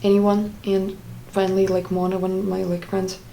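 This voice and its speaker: Flat-voiced young woman, halting storytelling. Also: medium pitch, creaky, slight background noise, rough recording. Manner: halting, often searching for words. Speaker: vlogger. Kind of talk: casual personal storytelling.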